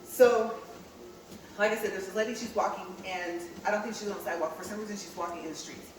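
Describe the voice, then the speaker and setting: A woman's voice: medium pitch, fast talker, noisy background. Woman from cali talking to her viewers on a treadmill, chatty, laughs a lot, very echoey room, mic far away. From California. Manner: chatty, talks straight to viewers, laughs often. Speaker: vlogger. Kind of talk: casual storytelling while walking on a treadmill.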